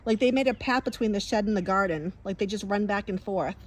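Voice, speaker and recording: A woman with a medium-pitched, brisk voice chats casually on a phone live stream outdoors by a pool, rambling and teasing her dogs. She's recorded on a handheld phone, with dogs barking in the background.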